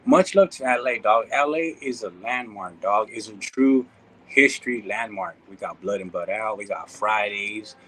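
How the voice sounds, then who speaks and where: A man's voice: on the low side, normal speed, a bit bright, a little hiss or hum, low-quality recording. A man from the Inland Empire, talking casually to his viewers as a YouTube creator, laid-back and full of slang. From Inland Empire, California. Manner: slangy, laid-back, calls listeners "dog" and "homie". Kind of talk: casual vlog talk to viewers.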